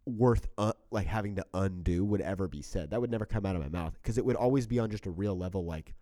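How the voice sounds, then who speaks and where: Man, very low voice, dark mellow tone, dry close sound, reflective casual talk. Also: quick pace, no room sound. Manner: reflective, backchannels often, thinks aloud. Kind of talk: casual conversation.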